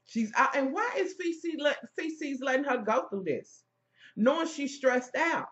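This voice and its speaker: A woman giving heated, profane commentary as she reviews a reality TV episode, sassy and loud. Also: high-pitched, lively intonation, normal speed, dull audio.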